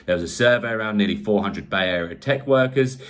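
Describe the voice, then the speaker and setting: A man from England chatting on a tech podcast in a low voice. He rambles easily, stacking fillers and restarting his sentences as he goes. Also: brisk. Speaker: podcast co-host. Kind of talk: casual tech podcast chat.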